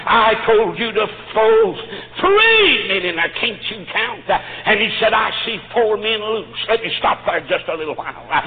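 A man's voice: high voice, phone-quality sound. A man preaching a fervent sermon, punctuating his phrases with "uh". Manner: fervent, with frequent "uh" between phrases.

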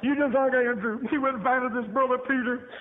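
A man's voice: very high-pitched, fairly even intonation, a little fast. A man preacher telling his testimony in a folksy, emphatic way, laughing often and repeating phrases, heard on a tinny broadcast. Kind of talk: sermon testimony storytelling. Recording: tinny phone-like radio broadcast.

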